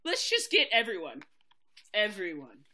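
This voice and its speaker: A woman talks casually as a podcast co-host, candid and quick to laugh. Her voice is bright and forward, and she swears lightly as she explains her points. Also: medium pitch, huge pitch swings. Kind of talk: casual chat reviewing a TV adaptation.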